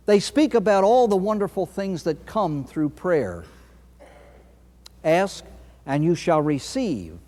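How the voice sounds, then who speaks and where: A man, a priest, giving a recovery talk full of anecdotes, telling his stories dramatically with long pauses and sudden emphasis. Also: a little high, darkish tone. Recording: long hall reverb.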